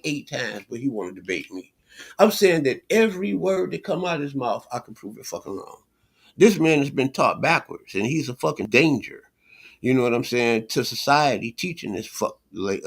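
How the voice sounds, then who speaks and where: Gravelly, scornful male streamer. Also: medium pitch. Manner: scornful, repetitive, swears a lot. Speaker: streamer reacting to a video. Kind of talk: heated reaction commentary.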